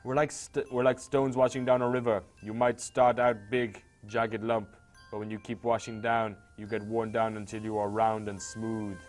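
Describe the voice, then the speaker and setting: A man voicing a calm old male spirit bird with a put-on Jamaican accent, speaking slowly and softly. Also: lowish voice, soft background music, natural voice. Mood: solemn.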